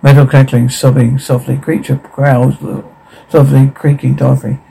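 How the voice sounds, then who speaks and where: Guy reading captions out loud, gravelly and kinda husky, stumbles now and then. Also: mid-range voice, little pitch movement, rough recording. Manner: plain, halting read with slips and restarts. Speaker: reader of a show's captions.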